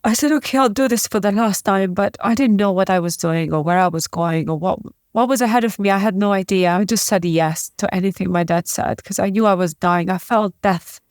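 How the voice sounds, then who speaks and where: A woman from the former Yugoslavia, a guest in an interview, telling a personal story in a halting, emotional way with restarts. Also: mid-range voice, no room sound, clean studio sound. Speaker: podcast guest.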